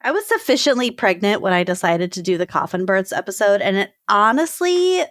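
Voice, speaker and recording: A woman co-hosting a podcast in casual chat, chatty and quick to laugh at herself. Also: mid-range voice, sing-song, a bit bright, no echo, clean studio sound. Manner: chatty, laughs often, self-deprecating. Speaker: podcast co-host.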